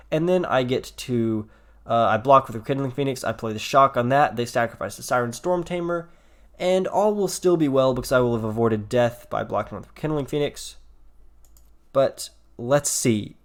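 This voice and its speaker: A man with a mid-range voice and moderate pace offers casual commentary over his own card game. He rambles and thinks aloud with fillers, yawning and sounding a bit tired.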